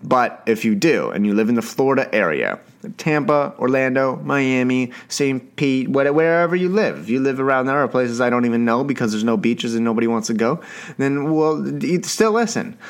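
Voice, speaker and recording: A young man from Canada hosting a solo podcast in a casual chatty way, talking fast, stumbling over words and swearing now and then. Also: medium pitch, expressive. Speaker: podcast host.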